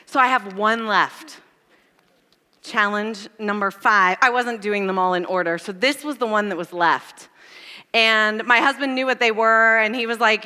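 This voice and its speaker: Woman preacher telling funny stories on herself, high bright voice, big echoey hall. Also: normal speed, smooth. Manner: animated, self-mocking storyteller. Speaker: church speaker. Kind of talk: sermon with personal storytelling. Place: church auditorium.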